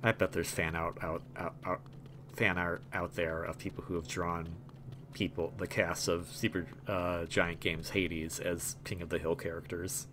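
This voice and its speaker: A man's voice: low voice, flat delivery, measured pace, fairly bright tone, slight background noise. A young man hosting a gameplay video, rambling in a jokey way with lots of stammers and restarts. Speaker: gaming video host. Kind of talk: casual gameplay commentary.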